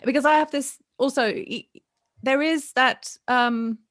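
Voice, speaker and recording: A woman's voice: sits high, fairly even intonation, measured pace, a bit bright, no room sound, clean studio sound. A woman from Germany with a German accent, hosting a podcast in a chatty, thoughtful way. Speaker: podcast host. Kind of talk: casual podcast chat.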